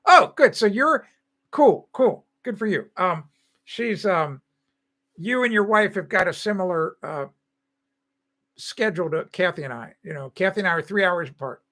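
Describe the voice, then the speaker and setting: A man's voice: sits high, expressive, moderate pace, fairly bright tone. An older man hosting a live stream, chatting casually with viewers in a rambling way and laughing often.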